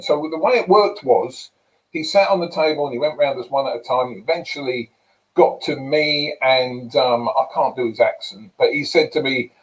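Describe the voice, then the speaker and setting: A middle-aged English man giving an energetic sales pitch for a property program, telling lively stories with punchy asides. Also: normal speed, low-quality recording. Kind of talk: live sales presentation.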